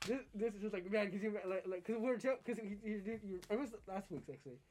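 A man's voice: sits high, fast, a little mellow, a little hiss or hum. A man co-hosting a wrestling podcast in casual chat. He talks chattily, often laughs, and builds his stories with drama.

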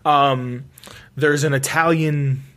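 A young man talking in a loose, rambling way, full of fillers and restarts. His voice sits at an ordinary middle pitch. He sounds like a podcast co-host chatting with a friend. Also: steady tone, slow, a bit bright. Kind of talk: casual chat.

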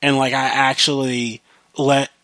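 A man's voice: mid-range voice, little pitch movement, measured pace, pushed and bright, no room sound. A young man hosting a podcast alone, rambling casually about his life with lots of fillers and restarts. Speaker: podcast host. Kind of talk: casual monologue.

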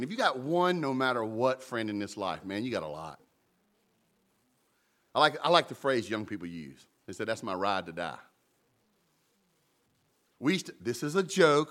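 A man preaching a sermon, animated and humorous, with sudden jumps in pitch. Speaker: pastor.

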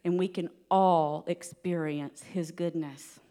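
A woman's voice: fairly low pitch, slow. Woman preaching an earnest sermon. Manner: earnest, steady teaching with light laughs.

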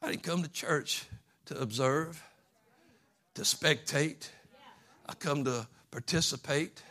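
A man pastor preaching a fervent sermon, moving from quiet asides to shouting. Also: a little high, slow pace. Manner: fervent, swings from hushed to shouting.

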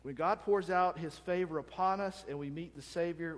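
A man's voice: a little high, moderate pace, big-room sound. A male pastor preaching a conversational sermon, often checking in with the congregation with "right?" and acting out stories with voices and sounds. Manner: acts out anecdotes with voices and sounds.

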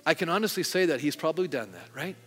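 A middle-aged pastor preaches in a casual, conversational way, pitched a bit high for a man, and keeps turning to the congregation with questions. His voice carries a long hall reverb, and soft instrumental music plays faintly underneath. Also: lively intonation, fast talker. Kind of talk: sermon with altar call. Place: church sanctuary.

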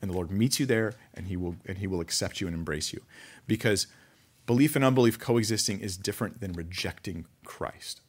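A man preaching a conversational sermon, reading scripture aloud and commenting with animated asides. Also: low voice, fairly quick, breathy edge. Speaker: pastor.

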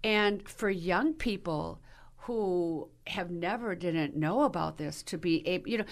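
A woman's voice: on the low side, a little slow. A woman hosting a radio talk show, introducing her guests and asking them questions. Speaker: host.

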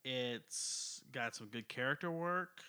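Man, podcast co-host, bright voice, lively pitch, casual easygoing chat. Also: clean tone. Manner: easygoing, agrees often, fills pauses with "um".

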